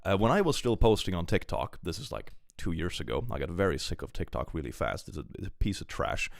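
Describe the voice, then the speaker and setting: A young man from Sweden talks in a Swedish accent, casual and sarcastic, cursing freely as he reads his chat. His voice sits low but swings up and down expressively, and it sounds dry and close. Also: fast talker, gravelly, no room sound. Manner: sarcastic, animated, swears freely. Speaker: streamer reading chat. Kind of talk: casual live-stream chat.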